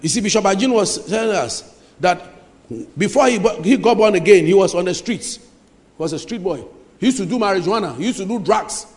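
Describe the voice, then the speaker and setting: A man preaching an emphatic sermon in a church, repeating lines and rising to shouts. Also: high voice, animated, fairly quick. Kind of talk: lively sermon. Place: church hall. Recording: reverberant church hall.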